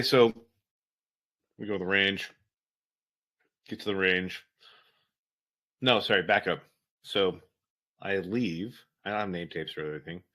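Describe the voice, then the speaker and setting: A man, a military veteran, telling a story in casual, profane talk and acting out the dialogue of the people in it. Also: low voice. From United States. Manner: profane, animated, acts out quoted dialogue. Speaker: veteran guest.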